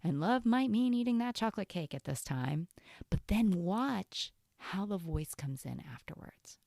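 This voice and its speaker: A woman hosting a self-help podcast, talking earnestly in a casual way and often dropping to a soft whisper. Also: mid-range voice, animated, unhurried, creaky, no room sound, studio quality. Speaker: podcast host and coach.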